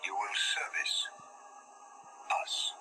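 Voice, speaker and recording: An actor playing a cold, menacing male cyborg speaking for a hive-mind in a science-fiction TV drama, his flat voice put through a robotic filter. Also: extremely slow. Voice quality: flat, commanding, whispery. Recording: distant voice with loud music.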